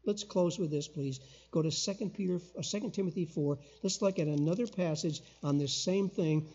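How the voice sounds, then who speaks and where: An older man preaching a sermon as a guest pastor in a church, emphatic, with loud call-and-response bursts. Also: a little high, muffled recording. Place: church sanctuary.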